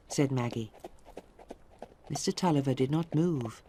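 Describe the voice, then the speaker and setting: A woman narrating a story in a slow, clearly spoken reading for English learners. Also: sits low, sing-song, slight background noise.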